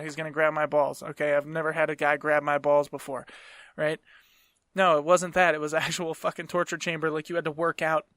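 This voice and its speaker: Brief: young man, slightly high voice, swearing casual storyteller, dry close mic. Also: a bit bright, dry recording. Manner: profane, rambling, self-mocking. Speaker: podcast host.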